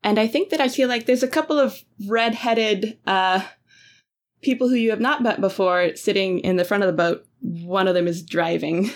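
A woman's voice: mid-range voice, normal speed. A woman running a tabletop game, hesitant and giggly, with many ums. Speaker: game master.

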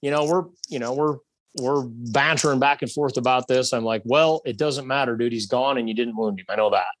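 A man telling a hunting story in a casual, animated way, acting out shots and bits of dialogue. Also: medium pitch, brisk, no echo.

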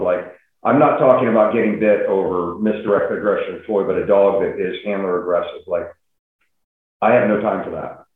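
A man who works with police dogs, stating blunt opinions during casual podcast chat. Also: fairly low pitch. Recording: tinny phone line in an echoey room.

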